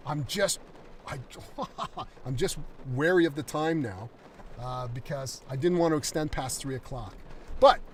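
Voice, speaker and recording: An enthusiastic man chats through his script on a livestream, rambling and full of fillers. His voice is a little high and set back from the microphone, with faint background noise. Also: a bit bright, far from the mic. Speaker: concept artist and screenwriter. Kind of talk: livestream talk, reading a draft script.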